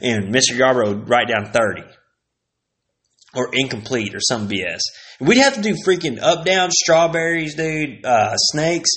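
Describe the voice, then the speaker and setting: A man's voice: mid-range voice, a little slow, a bit bright. A man from Texas hosting a casual solo podcast, rambling through old memories with plenty of swearing. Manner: rambling, profane, laid-back, sipping whiskey. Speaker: podcast host.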